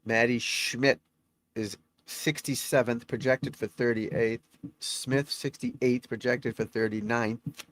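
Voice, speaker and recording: A man's voice: mid-range voice, fairly even intonation, slow, a bit bright. A middle-aged man, a golf instructor, chatting on a live stream, reading out scores and talking to viewers in a rambling, talkative way.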